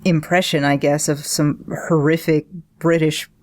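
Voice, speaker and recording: Low-voiced woman discussing satire. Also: unhurried. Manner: animated analytical talk. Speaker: podcast co-host. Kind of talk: casual podcast discussion.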